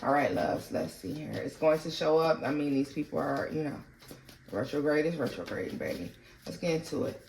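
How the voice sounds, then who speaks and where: A woman giving a casual tarot reading to her viewers, animated and slangy. She breaks into bits of song and laughs often. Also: deep voice, a little fast, creaky, slight background noise. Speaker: tarot reader.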